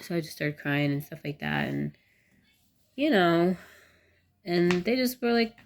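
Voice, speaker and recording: A woman with a notably low voice speaks to camera in a loose, candid vlog style. She rambles a little and fills her sentences with "like" and "you know". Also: wildly swooping pitch, unhurried, a little hiss or hum. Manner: candid, rambling, lots of "like" fillers. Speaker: vlogger. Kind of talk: casual talk to camera.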